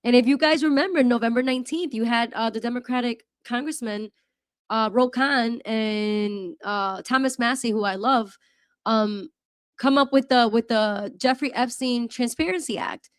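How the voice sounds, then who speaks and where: A woman's voice: a little high, normal speed, no echo. Worked-up woman commentator, dry sound. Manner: worked up, apologetic, rambling restarts. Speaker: host reacting to a video. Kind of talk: casual commentary.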